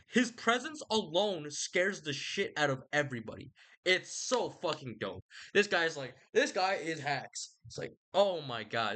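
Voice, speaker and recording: Young guy rambling about a book, super lively, bright voice, swears a lot. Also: fairly high pitch. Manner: rambling, animated, slangy, profane. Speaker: host. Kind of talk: casual rambling book chat.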